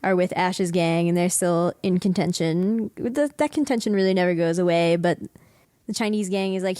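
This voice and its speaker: A woman's voice: lowish voice, moderate pace, dark tone, dry recording, clean studio sound. A woman hosting a podcast, chatting casually, often laughing and acting out lines she quotes. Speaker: podcast host.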